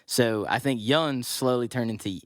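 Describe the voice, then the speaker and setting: A man's voice: medium pitch, moderate pace, no echo. Podcast guest, male, 20s, Pittsburgh accent gone half Southern, rambly and giggly, dry close mic. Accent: Pittsburgh with a Southern lean. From Pittsburgh, USA. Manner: rambling, laughs often, many restarts. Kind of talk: casual podcast chat.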